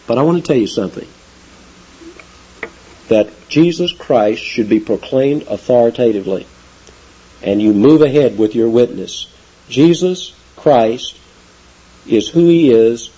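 A man preaching a sermon with emphatic delivery, rising high on key words. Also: dark tone, husky. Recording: dull lo-fi sound.

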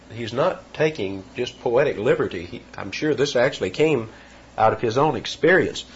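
A man's voice: mid-range voice, slightly rough, dull audio. A man preaching an expository sermon, teaching verse by verse with emphatic repetitions.

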